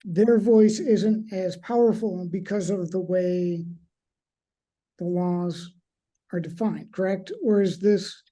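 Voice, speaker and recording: A woman's voice: lowish voice, steady tone, slow pace, mellow. A woman hosting a discussion, hesitant and thinking aloud with many fillers. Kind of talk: discussion talk.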